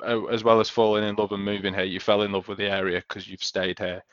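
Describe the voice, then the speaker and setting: A man's voice: lowish voice, flat delivery, quick pace, a bit bright. Teasing male interview host. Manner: friendly, teasing, encouraging. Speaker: podcast host. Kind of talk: casual interview chat. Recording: dull lo-fi audio.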